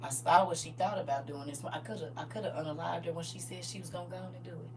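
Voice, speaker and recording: A woman's voice: on the low side, fairly even intonation, quick pace, darkish tone, recorded from a distance, slight background noise, voice pushed down, close to an everyday voice. A woman doing a stern, fed-up God the Father. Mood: stern quiet. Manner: stern and threatening.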